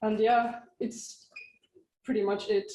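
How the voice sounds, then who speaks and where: A woman's voice: medium pitch, flat delivery, slow pace, warm tone, echoey room, recorded from a distance, rough recording. A woman from Estonia answering questions modestly in a casual interview. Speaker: guest horn student.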